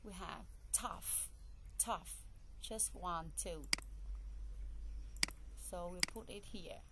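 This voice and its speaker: A woman's voice: fairly low pitch, extremely slow, very noisy. A woman teaching English pronunciation, repeating each word and counting its syllables aloud in simple, non-native phrasing. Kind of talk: classroom pronunciation lesson.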